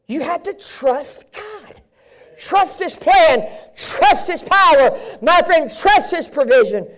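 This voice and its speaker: A man preaching a sermon at a live event, swinging from hushed near-whispers to shouting with a fervent, repetitive cadence. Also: very high voice, expressive, slow pace.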